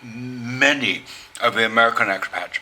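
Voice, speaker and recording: A man from the US Pacific Northwest giving opinionated vlog commentary, halting and restarting his sentences, with wry asides. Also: medium pitch, sharp tone, slight background noise, poor audio. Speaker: vlogger.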